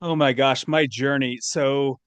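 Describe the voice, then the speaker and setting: Male podcast guest, wry and self-deprecating, dry close sound, mid pitch. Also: steady tone, unhurried, dry recording. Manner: wry, self-deprecating, literal-minded humor. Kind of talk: casual podcast chat.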